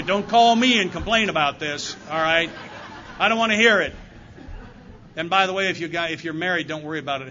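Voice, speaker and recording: An older man speaking as an AA circuit speaker shares an earnest, heartfelt recovery testimony directly with a meeting audience. His fairly high voice sounds pushed and bright. Recorded live in a meeting room, the dull lo-fi audio carries slight background noise.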